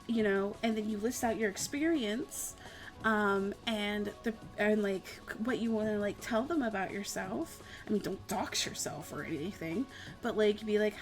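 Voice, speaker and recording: On a live stream with faint music behind her, a young adult woman giggles and rambles through viewer questions, swearing freely. Her voice is on the high side, at normal speed.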